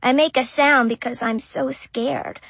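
Woman audiobook narrator, child's first-person voice, very slow, breathy, dry close sound. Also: high voice, fairly even intonation, fairly bright tone, no echo. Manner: simple childlike phrasing, slow and careful.

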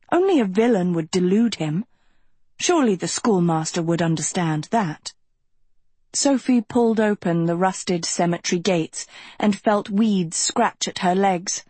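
A woman narrating an audiobook in a measured, unhurried storytelling manner with a breathy voice. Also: medium pitch, darkish tone, no echo.

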